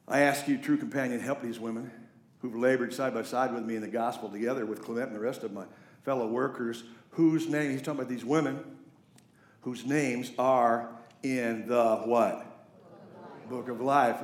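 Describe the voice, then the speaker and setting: A man preaching a sermon as pastor, swinging from quiet asides to loud, raised storytelling. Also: medium pitch, roomy sound. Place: church sanctuary.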